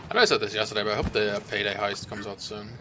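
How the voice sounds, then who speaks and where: A man's voice: on the low side, fairly even intonation, racing, background noise. A man streaming a co-op game, chatting casually and rambling with lots of fillers. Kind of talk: casual gameplay chat. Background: game music.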